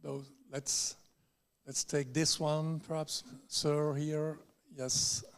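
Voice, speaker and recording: A man moderating a press conference, polite and a little halting. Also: a little high, little pitch movement, clean tone. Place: press club conference room. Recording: echoey hall.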